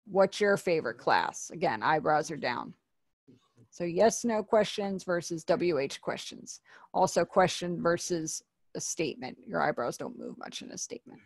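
A woman's voice: on the low side, expressive, moderate pace, dry recording, clean studio sound. A woman teaching an online sign language class, patiently explaining and repeating each word.

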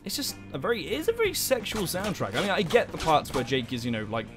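A young man runs a let's play with an animated, joking delivery full of swearing. His voice sits a bit high and swings widely in pitch. Game music plays clearly underneath. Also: fast talker. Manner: animated, jokey, swears a lot. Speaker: gaming channel host.

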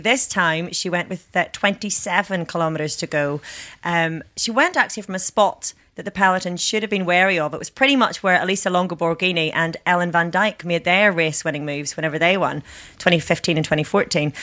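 A woman's voice: lowish voice, pushed and bright. A woman co-hosting a cycling podcast, delivering a news roundup with easy, teasing banter. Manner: laughs easily, quick teasing banter. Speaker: podcast co-host. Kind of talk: casual chat and news roundup.

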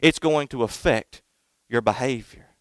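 Male pastor, earnest emphatic sermon, smooth resonant tone, close dry sound. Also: medium pitch, measured pace, no echo. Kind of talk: sermon with opening prayer. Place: church in front of a congregation.

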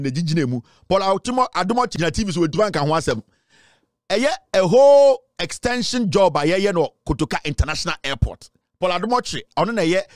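A man's voice: high-pitched, dry recording, clean studio sound. A middle-aged man with a Ghanaian English accent, delivering a mocking, taunting commentary rant that slips into Twi. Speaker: online commentator. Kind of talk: ranting commentary.

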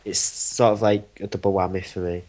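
Deadpan young man, low voice. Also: a little fast. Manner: dry, teasing and deadpan. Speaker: gamer co-host. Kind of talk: casual gaming commentary.

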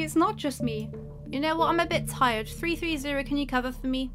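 Giggly high-voiced woman narrating gameplay. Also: expressive, fast, soft background music. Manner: giggly, reads game signs aloud and voices characters. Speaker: gameplay video creator.

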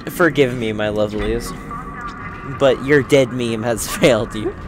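A man's voice: medium pitch, a little slow, music in the background. A young man doing casual, joking gaming commentary, swearing and laughing at himself. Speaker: let's play gamer.

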